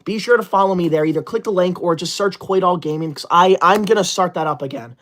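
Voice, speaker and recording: A woman's voice: on the low side, fast talker. Indignant woman scolding her livestream chat. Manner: indignant, scolding chat, reading comments aloud. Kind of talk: casual live stream chat. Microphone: laptop setup.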